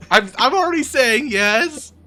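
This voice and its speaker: A man playing a tabletop game, excitable and swearing often. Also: extremely high pitch, a little slow, faint music behind. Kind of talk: casual tabletop game chat.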